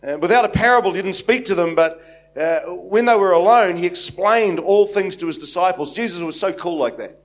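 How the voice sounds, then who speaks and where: Brief: New Zealand male pastor, slightly raised pitch, loose anecdotal sermon delivery with plenty of "uh" and restarts. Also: a little fast. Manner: rambling, anecdotal, many restarts and fillers. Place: church hall with congregation.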